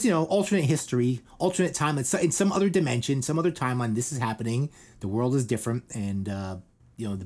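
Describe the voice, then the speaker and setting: A man's voice: lowish voice, a little mellow, husky. Rambling man hosting a podcast. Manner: rambling, many fillers. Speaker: podcast host. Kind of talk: casual podcast chat.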